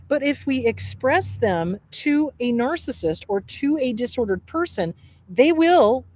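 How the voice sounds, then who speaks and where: A woman's voice: high voice, poor audio. A middle-aged woman therapist hosting a casual livestream outdoors, talking in a blunt, jokey and emphatic way. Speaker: therapist and show host. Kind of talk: casual livestream advice talk. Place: outdoors at a table.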